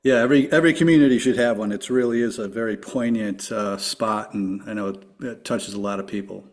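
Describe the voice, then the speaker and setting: A man's voice: lowish voice, a little fast. Upbeat male podcast host. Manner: upbeat, asks questions, laughs along. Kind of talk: casual interview.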